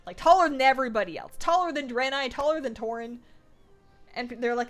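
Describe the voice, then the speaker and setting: A woman's voice: sits high, animated, a little fast, soft background music. A woman hosting a casual gaming livestream, thinking aloud, answering viewer chat and laughing often. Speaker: livestream host playing an online game.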